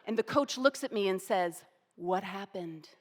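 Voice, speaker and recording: A woman in her forties telling a personal story, animated and self-deprecating. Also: mid-range voice, moderate pace, big-room sound, some chatter behind. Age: 40s.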